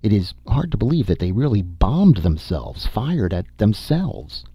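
A man's voice: fairly low pitch, big pitch swings, a little slow, breathy edge, dry recording, voice pushed up, full character voice. A man voicing a bitter, irritable young woman explorer. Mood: grim. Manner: sharp, irritable delivery. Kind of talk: audiobook character reading.

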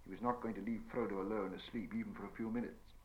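A man reading a fantasy story aloud in measured storytelling narration. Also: on the low side, steady tone, highs cut off, a little hiss or hum. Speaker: audiobook narrator. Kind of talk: scripted narration.

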